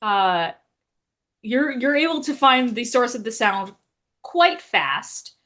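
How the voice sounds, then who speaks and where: A woman narrating scenes in a tabletop game in a casual, halting way. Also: a little high, big pitch swings, a bit bright.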